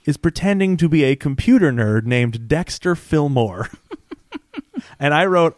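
Podcast co-host, male, mid-pitched, dry close sound, animated recapper who quotes characters. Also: measured pace, no room sound. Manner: animated retelling, quoting characters. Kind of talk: casual recap chat.

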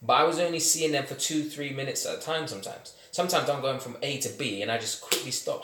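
A man telling stories in a casual podcast chat, animated and quick to laugh. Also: medium pitch, a little hiss or hum. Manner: animated, laughs often, slangy storytelling. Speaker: podcast guest. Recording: echoey room.

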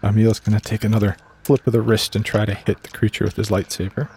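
Male tabletop player, low gravelly voice, casual. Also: level tone, quick pace, noisy background. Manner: casual, describing actions. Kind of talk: tabletop game play.

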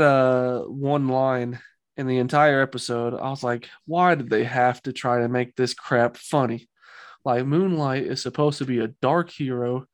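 A man talking casually as a podcast co-host, rambling through his opinions and mocking what he dislikes. His voice sits at an ordinary pitch. The sound is dry, with no room echo. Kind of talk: casual chat.

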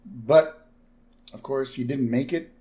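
A man's voice: medium pitch, slow pace. A man co-hosting a podcast, recapping a cartoon episode in casual chat and putting on voices for the lines. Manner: animated, puts on voices for the lines. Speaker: podcast co-host.

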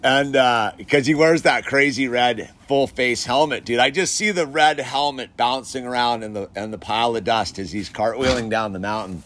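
A man's voice: medium pitch, moderate pace, hardly any pauses, a bit bright, a little hiss or hum. A man casually telling an anecdote, chatty, laughing often and full of filler words. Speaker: storyteller.

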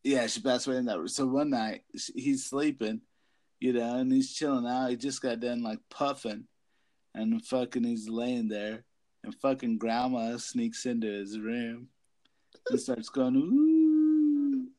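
A man co-hosting a podcast in casual chat, swearing constantly and giggling through animated stories. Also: medium pitch, unhurried. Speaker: podcast co-host.

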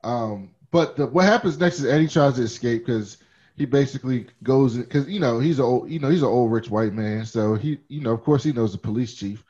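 A man's voice: mid-range voice, fairly quick, a little mellow, breathy edge. A man co-hosting a podcast, talking casually and digressively about a movie, swearing now and then. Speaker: podcast co-host. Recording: dull lo-fi sound.

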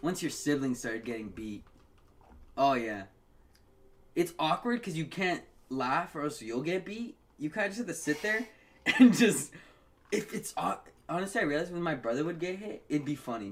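Animated young man telling stories. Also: medium pitch, slight background noise. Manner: animated storytelling, frequent swearing. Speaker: podcast co-host. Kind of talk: casual podcast chat.

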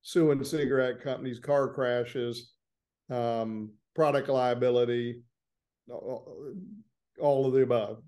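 A man's voice: medium pitch, fairly even intonation, takes it slowly, dark tone. A man from Florida with a Southern accent, a trial lawyer talking easily and plainly as a guest in a casual interview. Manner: easygoing, plain-spoken storytelling.

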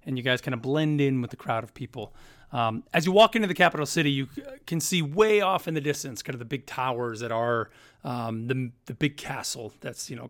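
A man's voice: medium pitch, a bit bright. A man narrating as game master of a tabletop game, rambling with many fillers.

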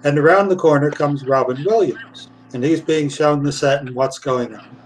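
A man's voice: on the high side, moderate pace, distant mic, slight background noise, rough recording. Man telling stories with acted voices. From England. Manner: lively storyteller, acts out voices, laughs often. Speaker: puppeteer guest. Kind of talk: animated anecdote telling.

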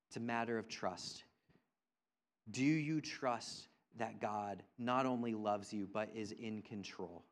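A man preaching a sermon as a pastor, earnest and repetitive for emphasis, moving between hushed tender lines and loud emphatic ones. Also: medium pitch. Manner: earnest, repeats phrases for emphasis.

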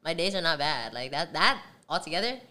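A woman's voice: deep voice, sing-song, fairly quick, pushed and bright, a little hiss or hum. A woman guest on a casual podcast, talking candidly in slangy speech and swearing freely. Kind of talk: casual chat.

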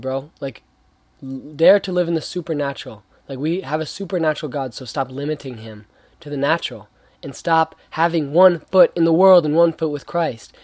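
A man's voice: medium pitch, no room sound. A young man giving a casual, earnest faith talk, rambling with slang and many restarts. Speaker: young Christian speaker.

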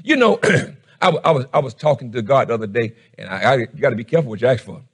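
Husky-voiced preaching pastor, fervent. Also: male voice, expressive, quick pace. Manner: fervent preaching, swings from shouting to low murmurs. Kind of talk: sermon.

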